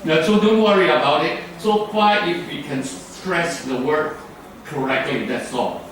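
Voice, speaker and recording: A man's voice: fairly high pitch, unhurried. A man from Thailand with a Thai accent, giving a rambling club speech full of fillers and restarts. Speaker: club speaker. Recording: very echoey room from far off, faint noise.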